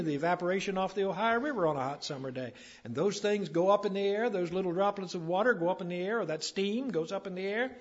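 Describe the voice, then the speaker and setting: Husky folksy preacher man. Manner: folksy, rising to emphatic peaks then dropping low. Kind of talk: sermon. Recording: dull lo-fi recording.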